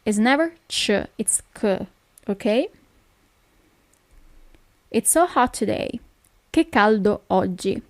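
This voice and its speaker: Slow, patient Italian-accented woman teacher. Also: a little high, animated, no echo. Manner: patient explaining, often checks with "okay?". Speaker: language teacher. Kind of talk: recorded language lesson.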